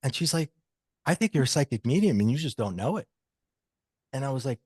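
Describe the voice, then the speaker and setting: A man guest on a podcast, telling a personal story in an animated way and acting out the dialogue he quotes. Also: mid-range voice, moderate pace, long pauses, husky, dry recording.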